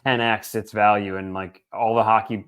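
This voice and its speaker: A man's voice: fairly low pitch, level tone, normal speed, a bit bright, clear, resonant tone. A man co-hosting a casual podcast about his team, rambling and joking with his co-host and swearing freely. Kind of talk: casual chat.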